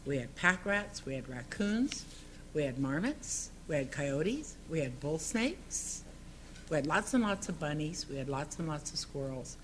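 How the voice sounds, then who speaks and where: A woman's voice: sits low, big pitch swings, measured pace, slight background noise. A woman giving public comment at a city council meeting, earnest and partly reading from prepared text.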